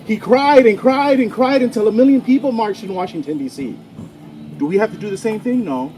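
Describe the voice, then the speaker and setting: Male rally speaker, high and preacherly, noisy outdoor street. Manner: preacherly, rising to loud exhortation. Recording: noisy outdoor ambience, passing vehicles.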